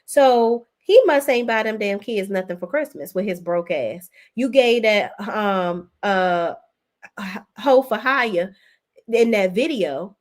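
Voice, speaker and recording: A woman in her thirties with a lilt hosts a casual live stream. She reads viewers' comments aloud and answers them in a chatty, gossipy way, with a voice at an ordinary middle pitch. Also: expressive, takes it slowly. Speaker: YouTube host reading live chat.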